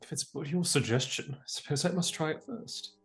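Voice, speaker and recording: Guy doing a wary dry adventurer, kinda high voice, suspicious. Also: a little fast, faint music behind, natural voice.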